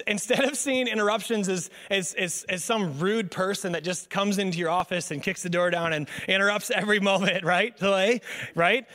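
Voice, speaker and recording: A young man preaching a casual sermon as a pastor, joking and telling stories with lots of fillers. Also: high voice. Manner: joking, animated storytelling with many fillers. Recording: long hall reverb.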